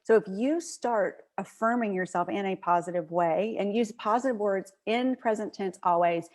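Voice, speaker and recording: A woman's voice: mid-range voice, normal speed. A woman hosting an interview, talking in an upbeat, motivational coaching way. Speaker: host. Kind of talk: casual video interview chat.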